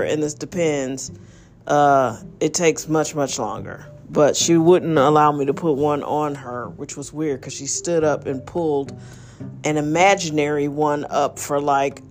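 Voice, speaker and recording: A woman's voice: low voice, darkish tone. A middle-aged woman hosting a casual solo podcast, exhausted and rambling, with lots of fillers and yawns. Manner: rambling, tired, yawning, with many fillers. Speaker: podcast host.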